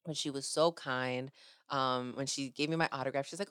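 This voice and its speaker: A young woman podcast host, casually recounting a fan event with excited, gushing storytelling and acted-out quotes. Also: very deep voice, brisk, clear, resonant tone, dry recording, clean studio sound. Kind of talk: casual chat.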